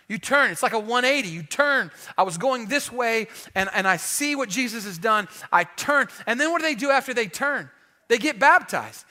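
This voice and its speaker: A man preaching a sermon in a church, energetic and conversational, with emphatic bursts. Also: high-pitched. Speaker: pastor. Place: church sanctuary.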